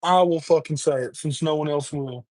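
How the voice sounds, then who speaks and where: A man with a slightly high voice rants into his streaming mic, swearing constantly and hammering the same points over and over. The sound is close and dry, with no room around it. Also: moderate pace, darkish tone, dry recording. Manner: heated, profane, repetitive ranting. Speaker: livestream host. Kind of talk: angry rant on a livestream. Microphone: webcam or streaming mic.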